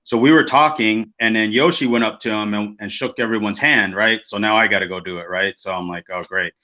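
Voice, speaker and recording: Man, podcast co-host, animated storyteller who swears freely, bright tone. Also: fairly low pitch, brisk. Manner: animated, acts out quoted people, swears freely. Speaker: podcast co-host, former wrestler. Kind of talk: casual storytelling. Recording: dull lo-fi podcast audio.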